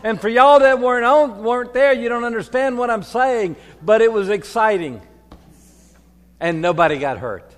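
Folksy older priest preaching in echoing hall. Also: male voice, extremely high pitch, normal speed. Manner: folksy, shifts from quiet reflection to loud storytelling. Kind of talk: sermon. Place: church. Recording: long reverb of a church hall.

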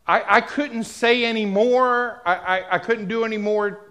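A male preacher delivers his sermon at an unhurried, drawn-out pace. His voice sits high for a man, and he speaks directly to his congregation as he tells a personal story. His delivery swings between hushed and loud. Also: steady tone.

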